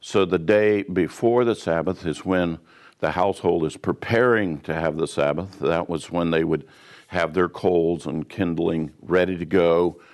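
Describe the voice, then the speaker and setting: A man teaching a sermon, reading and explaining scripture in an unhurried way, with frequent pauses and restarts. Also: low-pitched, darkish tone. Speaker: pastor. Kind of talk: verse-by-verse Bible teaching.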